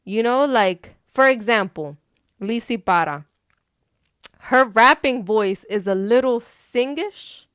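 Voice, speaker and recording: A woman with a New Jersey accent co-hosting a podcast, lively and teasing in casual chat. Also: a little high, takes it slowly, smooth, no echo, studio quality. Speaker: podcast co-host.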